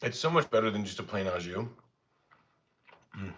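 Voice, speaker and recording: With lively intonation, a moderate pace, and a fairly bright tone, a young man chats with viewers on his casual cooking livestream in an easygoing, rambling way. He shifts to a higher voice to talk to his dogs. Slight background noise sits under the slightly dull lo-fi sound.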